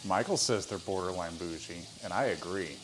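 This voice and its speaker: A man's voice: low voice, moderate pace, background noise. A man bantering and teasing in casual chat on a cooking stream. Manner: teasing, joking. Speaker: co-host chatting on a cooking stream.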